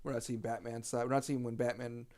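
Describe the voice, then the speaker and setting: A man's voice: mid-range voice, flat delivery, fast, a little mellow. A man co-hosting a podcast in casual chat, easygoing and teasing, rambling with fillers and restarts. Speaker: podcast co-host.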